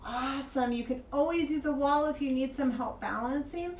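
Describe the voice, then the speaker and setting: A woman teaching a kids' yoga class, gentle, playful and encouraging as she guides a child through poses. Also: high voice, moderate pace, recorded from a distance, a little hiss or hum. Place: yoga studio. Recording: echoey room, mic from afar.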